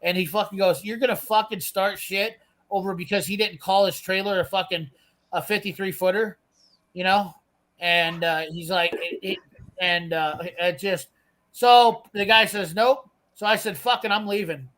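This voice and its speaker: A man's voice: high voice, fairly even intonation, moderate pace, fairly bright tone. A man telling a brash, profane story in casual chat, acting out the lines of the people in it. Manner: brash, swearing, acts out quoted lines. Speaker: storyteller on a live garage show.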